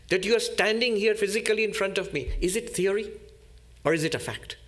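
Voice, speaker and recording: A man speaking as a monk in a spiritual lecture, his voice sitting a little higher than most men's. He teaches deliberately and patiently, returning again and again to the same key terms. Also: a bit bright. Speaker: monk giving a spiritual talk.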